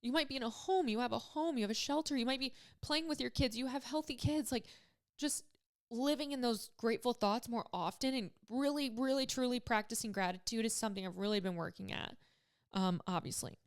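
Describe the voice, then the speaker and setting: Her voice is a little high and brisk: a woman in her twenties alone on her podcast, chatting casually and emotionally. She gets choked up and rambles, leaning on many fillers.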